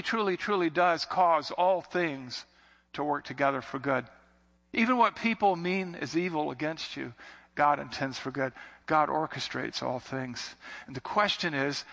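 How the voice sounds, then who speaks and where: A man's voice: a little high, creaky, sharp tone. A man preaching a sermon in an earnest, conversational way, circling back to repeated phrases. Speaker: pastor. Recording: long hall reverb.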